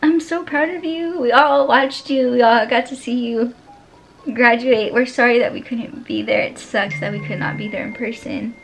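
A young woman vlogging at home, talking warmly to her husband and laughing between words. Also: on the high side, flat delivery, normal speed, vocal fry, soft background music, rough recording. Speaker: vlogger and military spouse. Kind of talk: casual home vlog talk.

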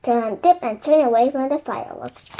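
High-voiced woman narrating a kids' chapter book aloud, gentle and quiet. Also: fairly quick, dull audio. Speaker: storybook reader.

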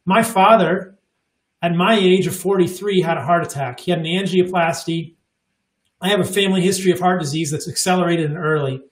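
A man's voice: high voice, fairly quick, echoey room. A man in his forties, a podcast guest, talking emphatically and repeating words for stress. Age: 40s. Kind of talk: casual chat.

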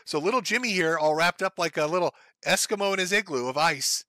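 Profane, sarcastic male streamer with a bright voice. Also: sits high, brisk, no echo. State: sore, says his throat gives out. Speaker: live stream host. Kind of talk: ranting live stream commentary.

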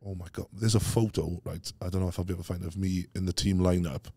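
A man's voice: sits low, steady tone, quick pace, dark tone, slightly rough, dry recording, studio quality. A middle-aged Welsh man telling rambling stories as a podcast guest, dropping "mate" often. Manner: rambling, storytelling, peppers speech with "mate". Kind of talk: casual chat.

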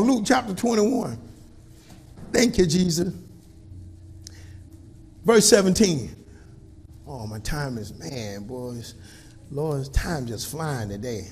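Preacher guy, really high voice, call and response, goes quiet then loud. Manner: call-and-response preaching, swinging from low asides to shouts. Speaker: pastor. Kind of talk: sermon.

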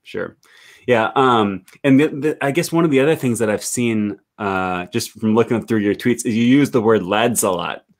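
A man's voice: on the low side, moderate pace. A young man from Wisconsin, hosting an easygoing chat. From Wisconsin, USA. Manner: easygoing, many fillers and laughs. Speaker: host, language YouTuber. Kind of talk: casual interview.

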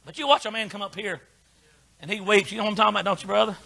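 An older man preaching a folksy Baptist sermon in short punchy lines that swing from quiet asides to shouting. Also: high voice, steady tone, very fast, vocal fry. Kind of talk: fiery sermon.

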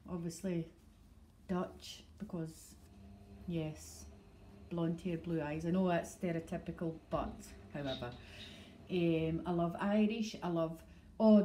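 A woman's voice: mid-range voice, warm tone, a little hiss or hum, rough recording. A middle-aged woman with a Scottish accent chatting on a home livestream, rambling and laughing often as she talks into a phone. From Scotland. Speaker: dog breeder livestreaming. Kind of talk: casual livestream chat. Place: home, indoors.

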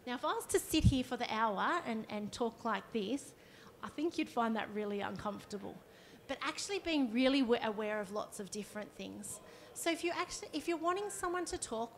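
A woman counsellor gives a conversational workshop talk live to an audience, demonstrating as she explains. Her high voice is expressive and brisk, with hardly any pauses.

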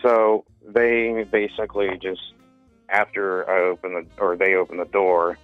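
A man's voice: sits low, flat delivery, measured pace, soft background music. A man calling in to a show, telling a story in a hesitant, rambling way full of fillers. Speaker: caller. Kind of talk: phone-in storytelling. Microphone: phone. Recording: tinny phone line.

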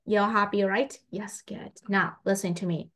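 Woman teacher, patient and encouraging, repeats questions, mid-pitched. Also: fairly even intonation, moderate pace, fairly bright tone. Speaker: English teacher. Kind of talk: online English test with a child.

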